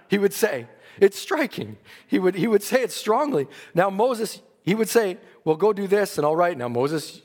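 Man preacher, high voice, earnest sermon delivery, long church-hall reverb. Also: normal speed, darkish tone. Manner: earnest preaching, rising and falling in emphasis.

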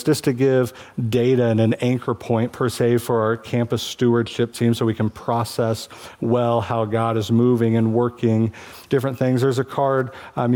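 A man preaching a sermon from the pulpit of a church. He talks to the congregation in a conversational way and pushes into passionate, emphatic stretches. His pitch sits in an ordinary middle range. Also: mellow. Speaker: pastor.

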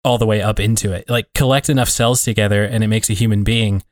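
Low-voiced man musing on a podcast. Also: fairly even intonation, quick pace, no echo, clean studio sound. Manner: reflective, rambling, many fillers. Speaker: podcast co-host. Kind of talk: casual conversation.

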